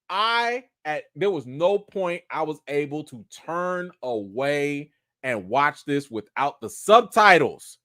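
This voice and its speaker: A man of Haitian background hosting a casual livestream review, talking to viewers in a playful, animated way. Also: fairly high pitch, slow, no echo, studio quality. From Haitian family. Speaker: host.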